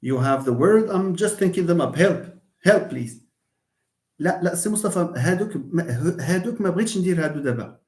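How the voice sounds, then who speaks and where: A man with a Moroccan accent, a native Moroccan Arabic speaker, teaching an animated live English lesson and acting out his examples. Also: sits high, racing. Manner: animated, mixes English and Arabic, acts out stress examples with a laugh. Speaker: English lecturer. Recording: roomy echo.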